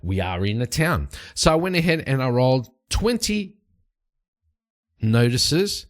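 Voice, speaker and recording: A man's voice: medium pitch, big pitch swings, measured pace. A young man casually narrating his solo tabletop game, rambling with fillers and restarts.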